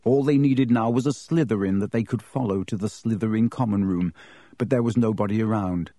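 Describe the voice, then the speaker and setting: A man narrating a storybook audiobook in an even, measured reading. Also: lowish voice, no echo, clean studio sound.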